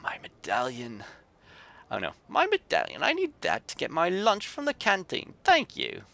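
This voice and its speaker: A man voicing a gruff, grumbling female mechanic with a put-on Yorkshire accent in a video game. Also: sits high, huge pitch swings, normal speed, bright, forceful tone, voice pushed up, exaggerated voice. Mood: flustered. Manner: grumbling, exasperated.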